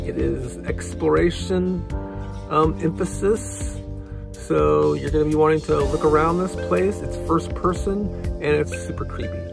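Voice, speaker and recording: A man's voice: on the high side, unhurried, vocal fry. A man hosting a casual morning show, recommending free games in a loose, rambling way full of fillers. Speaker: show co-host. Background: music.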